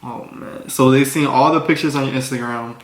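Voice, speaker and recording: Young man, casual chat, quick questions, roomy echo. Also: mid-range voice, fairly even intonation, slight background noise. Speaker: co-host.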